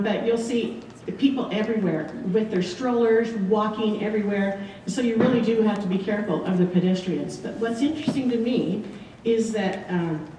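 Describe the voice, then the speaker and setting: A woman's voice: medium pitch, dark tone, slight background noise. A woman giving a casual slideshow talk about her missionary years, chatty with frequent ums. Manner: chatty, many ums, light laughs. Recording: echoey room, distant mic.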